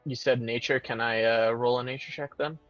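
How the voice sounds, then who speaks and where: A man playing in a tabletop game, making quick, joking table talk. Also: mid-range voice, steady tone, a bit bright, muffled recording, soft background music. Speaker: player. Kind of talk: casual tabletop game chat.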